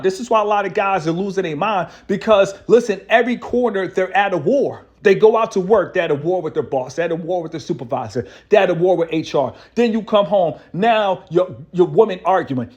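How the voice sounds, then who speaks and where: A man giving a preachy, repetitive relationship-advice monologue as the show's host. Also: sits high. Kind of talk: motivational monologue to camera.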